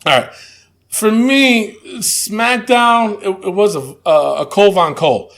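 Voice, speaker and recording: Male podcast co-host, high gravelly voice, relaxed and rambling, laughs a lot. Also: unhurried. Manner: laid-back, laughs often, hesitant with fillers. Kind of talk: casual wrestling chat.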